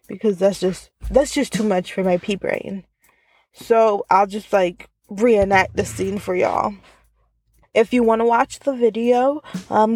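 A woman's voice: mid-range voice, darkish tone, dry recording. Chatty woman podcasting from her car. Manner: chatty, lots of filler "like". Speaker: podcast host. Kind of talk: casual solo podcast chat. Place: inside a car.

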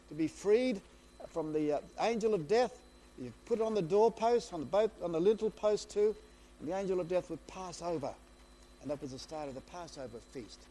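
A man preaching a sermon, retelling scripture in an excitable, storytelling way, often repeating and restarting his phrases. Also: on the high side, slight background noise.

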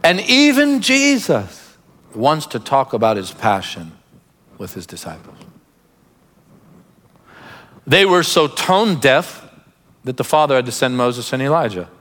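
A man's voice: mid-range voice, sing-song, measured pace, a bit bright, big-room sound. A man preaching a sermon as pastor, emphatic, breaking into laughing asides and urging listeners to pay attention.

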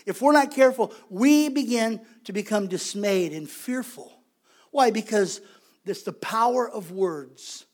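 A man's voice: high voice, a little mellow. A man preaching a sermon as pastor, conversational and emphatic, repeating his points for weight.

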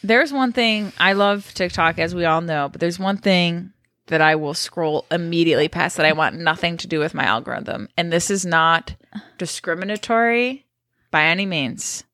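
A woman's voice: on the low side, normal speed, a bit bright, dry recording, studio quality. A young woman co-hosting a podcast, telling rambling, earnest stories in casual chat from a living room. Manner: chatty storyteller, earnest and rambling. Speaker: podcast co-host.

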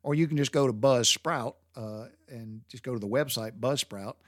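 A middle-aged Southern man with a drawl, rambling through homespun stories and cussing casually as he goes. His voice sits at an ordinary pitch, and the sound is dry and close, with no room echo. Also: normal speed. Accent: Southern American. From American South. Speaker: podcast host. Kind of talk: folksy storytelling monologue.

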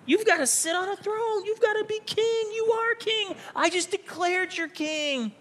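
A man preaching voices a devoted male disciple in a high, strained, insistent plea. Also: unhurried, fairly bright tone. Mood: pleading.

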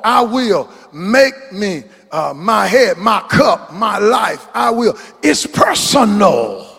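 An older man, a pastor, preaching a sermon, building to shouts and drawing out his phrases. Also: sits high, vocal fry, breathy edge, long reverb tail. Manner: preaching with rising shouts and long drawn-out phrases.

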